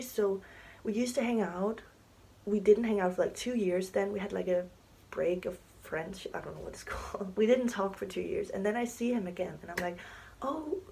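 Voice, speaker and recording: Husky, gravelly young woman vlogger. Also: medium pitch, warm tone, low-quality recording. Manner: chatty, many fillers, often drops to a whisper. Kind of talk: casual storytime. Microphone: camera mic, sitting to film.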